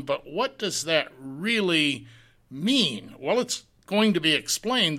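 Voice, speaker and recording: A man delivers a verse-by-verse sermon at an unhurried, measured pace. His voice is bright and a bit higher than usual, and he pauses to put rhetorical questions to his listeners. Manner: slow, deliberate, reads scripture in old-fashioned wording. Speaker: pastor. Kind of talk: sermon, verse-by-verse Bible teaching.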